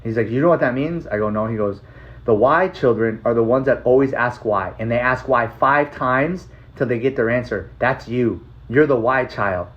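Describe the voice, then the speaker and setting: A man casually telling a personal story, animated and profane, acting out the voices of the people in it. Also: mid-range voice, moderate pace, highs cut off. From Apache reservation, US Southwest. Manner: animated, profane, acts out other people's lines.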